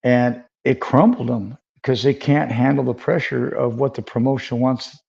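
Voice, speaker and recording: A man's voice: medium pitch, fairly even intonation, moderate pace, gravelly, darkish tone. An older man hosting a fight podcast, chatting casually and rambling through his questions. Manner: rambling, conversational, many fillers. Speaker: podcast host. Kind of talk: casual interview chat. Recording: dull lo-fi sound.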